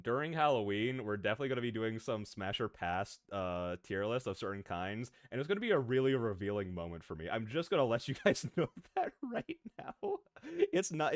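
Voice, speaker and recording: A man streaming as a VTuber, chatting casually with his viewers in an excitable, rambling way, drifting off on tangents and laughing often. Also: lowish voice, dry recording, clean studio sound. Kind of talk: casual live-stream chat, answering viewers.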